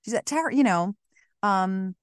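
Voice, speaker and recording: A voice actress talking animatedly in an interview, emphatic and quick to laugh, with many restarts. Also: female voice, mid-range voice, expressive, clear, resonant tone, dry recording, studio quality. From United States. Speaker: voice actress, guest. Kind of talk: casual interview chat.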